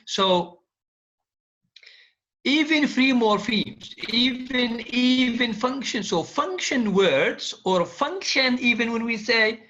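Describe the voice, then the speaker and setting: Male lecturer, slow and repetitive, drills students with questions, high voice. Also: pushed and bright. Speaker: university linguistics lecturer. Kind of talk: classroom lecture. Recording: dull lo-fi classroom recording.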